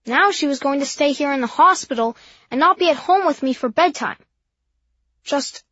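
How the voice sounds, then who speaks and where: A woman's voice: high voice, lively intonation, normal speed, fairly bright tone, no room sound. A woman reading a first-person children's story in a simple, earnest, childlike way. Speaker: audiobook narrator. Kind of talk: first-person storybook narration as a young boy. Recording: dull dry lo-fi.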